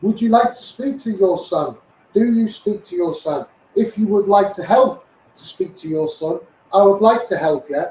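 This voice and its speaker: A man with a Liverpool accent hosts a live stream, reading out his viewers' names and talking back to them like mates. His voice sits high for a man. The sound is roomy and echoey, and he is a little way back from the mic. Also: lively intonation, moderate pace, mellow, distant mic. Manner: addresses viewers by name, calls them mate.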